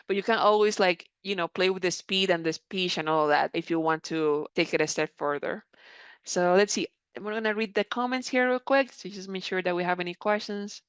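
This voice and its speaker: Woman with a smooth, dry voice. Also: medium pitch, dry recording. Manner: conversational and encouraging, reads viewer comments aloud. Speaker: creator program mentor presenting a live session. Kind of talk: live software tutorial, answering chat questions. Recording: slightly dull, dry audio.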